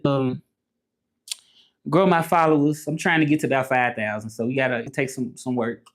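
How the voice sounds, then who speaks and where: A man's voice: mid-range voice, normal speed. A young man with a Southern American accent, chatting loosely on a live stream, greeting viewers and dropping in short French phrases that he then translates. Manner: greets chat viewers by name. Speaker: vlogger live-streaming to followers. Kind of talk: casual live-stream chat.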